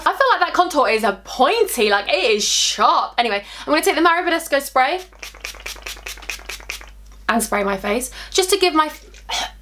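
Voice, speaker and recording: A young woman giving a bubbly, chatty makeup tutorial, excitable and candid with her viewers. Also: high-pitched. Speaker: beauty vlogger.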